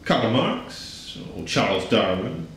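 A man's voice: on the low side, animated, takes it slowly, fairly bright tone, a little hiss or hum. Solemn man in a very echoey room. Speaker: bearded interviewee. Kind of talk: documentary interview.

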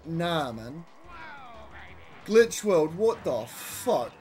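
A young man narrates his own speedrun as it happens, jittery and profane. His voice sits high and swings widely, with soft music faint behind him. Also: animated, slow pace. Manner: nervous, profane, talks to himself. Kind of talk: live commentary over his own gameplay.

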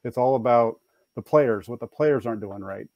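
A man on a sports talk panel, thoughtful and a little halting. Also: mid-range voice, dry recording, lo-fi sound.

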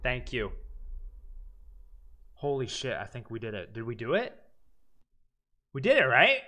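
A man casually commenting while he streams a video game, excitable, swearing and talking to the game. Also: medium pitch, measured pace. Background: loud game music.

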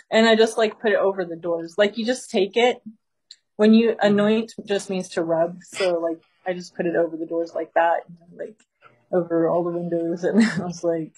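A woman teaching a small group in a casual storytelling way, animated and laughing often as she talks. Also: on the low side, husky, low-quality recording. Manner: animated, laughing often while telling stories.

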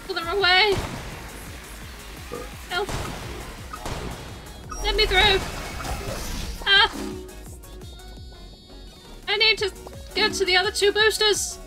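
A woman streaming a video game, reacting excitably, swearing and yelping as she plays over game music. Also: very high-pitched. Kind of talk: casual gameplay commentary.

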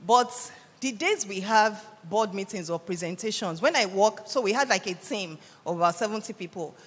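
A woman's voice: mid-range voice, normal speed, breathy edge. A middle-aged woman with a Nigerian accent, giving a motivational conference talk and acting out the people in her stories. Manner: animated storytelling, acts out quoted voices. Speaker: conference speaker. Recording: reverberant hall.

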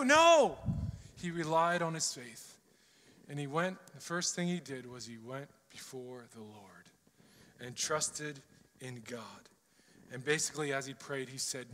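Emphatic pastor preaching in a reverberant hall. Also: male voice, high voice, animated, normal speed, pushed and bright. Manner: emphatic, rhetorical questions, acts out prayers and quotes. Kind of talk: sermon. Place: church sanctuary.

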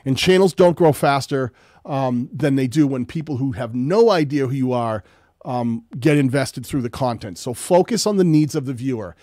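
A man's voice: medium pitch, animated, moderate pace, mellow, no room sound, clean studio sound. A man hosting a live stream, giving blunt, direct advice with lots of "um"s while losing his voice from illness. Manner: direct, blunt coaching with many "um"s. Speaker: live stream host reviewing viewers' channels. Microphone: streaming setup mic.

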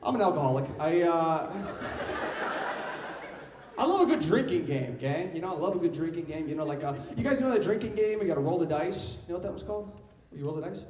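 A brash young comedian works the room with a high, crude delivery. His voice rings through an echoey club. Crowd noise hangs around him, and he sounds set back from the mic. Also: lively intonation, a little fast, a little mellow, far from the mic. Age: young adult. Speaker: stand-up comedian.

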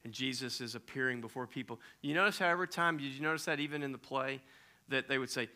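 A man's voice: mid-range voice, fast talker. A middle-aged man preaching a sermon as a pastor, retelling a story animatedly and dropping to near-whispers for effect. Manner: animated, swinging from loud emphasis to near-whispers.

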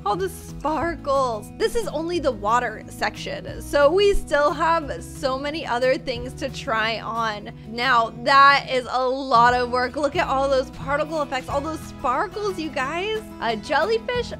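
A young woman hosts a casual gaming video, bubbly and gushing, saying "like" constantly as she comments on gameplay, with music playing behind her. Her voice is high-pitched, sharp, and animated, unhurried but with hardly any pauses.

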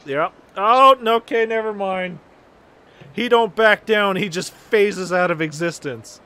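A man streaming a game who gives excitable, casual commentary and laughs and swears often. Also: sits high, measured pace, clear, resonant tone.

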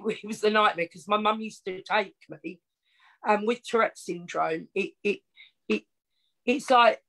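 A woman's voice: medium pitch, a bit bright, poor audio. A woman with an Essex accent, telling her life story as a podcast guest in a chatty, frank, self-mocking way. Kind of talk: casual storytelling interview.

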